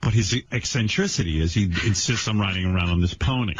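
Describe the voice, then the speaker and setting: A man's voice: lowish voice, fairly quick, a little hiss or hum. A man hosting a radio show, riffing in casual banter. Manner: animated, riffing on ideas. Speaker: radio host. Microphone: studio microphone. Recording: dull lo-fi radio broadcast.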